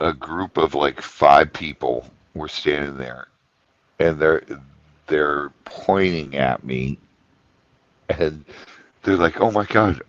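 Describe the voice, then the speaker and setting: A man co-hosting a podcast, telling a story in casual chat with slow, drawn-out phrasing. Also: very deep voice, a bit bright, no echo, dull audio. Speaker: podcast co-host.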